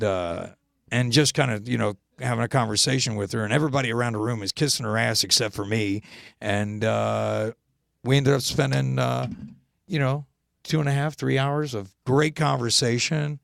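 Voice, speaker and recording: A man hosting a casual talk show, telling anecdotes in an animated way and jumping high in pitch when he quotes other people. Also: gravelly, no room sound, clean studio sound. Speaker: host. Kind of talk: casual storytelling chat.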